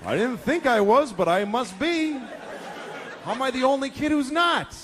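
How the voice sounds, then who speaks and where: A man's voice: extremely high pitch, expressive, moderate pace, a bit bright, some chatter behind, a little hiss or hum. A middle-aged man performing a profane stand-up routine, exasperated, acting out the voices of the people he quotes. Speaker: stand-up comedian. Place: comedy venue before a laughing audience.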